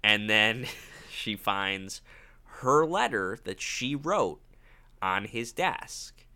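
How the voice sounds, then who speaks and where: A young man retells a film's plot in relaxed, wry conversation and keeps breaking into laughter. His voice sits low yet sounds bright and forward. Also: very slow, smooth. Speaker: podcast co-host. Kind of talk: casual movie recap chat.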